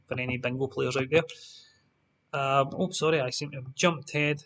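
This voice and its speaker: Scottish guy running a pub quiz, bit high and bright, chatty and jokey. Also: normal speed. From Scotland. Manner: chatty, jokey asides to players. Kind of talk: livestream quiz hosting.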